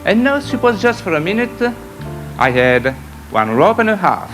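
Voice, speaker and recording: A man from France with a French accent, performing magic in slow, whimsical stage patter. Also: sits high, sing-song, music in the background, low-quality recording. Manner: whimsical, deliberate audience-teasing delivery.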